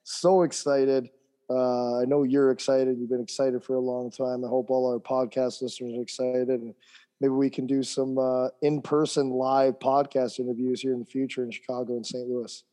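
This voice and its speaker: A man's voice: mid-range voice, little pitch movement, moderate pace, mellow. A man co-hosting a podcast, hyped and jokey in casual chat, tossing in slang like bro and sick. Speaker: podcast co-host and strength coach.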